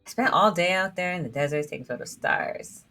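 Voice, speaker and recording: A nervous young photographer drifter, as a woman puts him on for a story game, speaking in a smooth, musical lilt. His tone is bright and forward, with a touch of hesitancy. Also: fairly low pitch, expressive, quick pace, soft background music. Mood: wistful. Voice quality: smooth, musical put-on accent. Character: anxious young male photographer, soft-spoken drifter.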